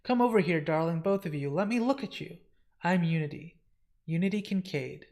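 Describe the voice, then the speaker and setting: A man voicing a frail elderly woman who speaks softly and fondly. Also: on the high side, animated, moderate pace. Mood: tender. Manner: soft, fond, apologetic.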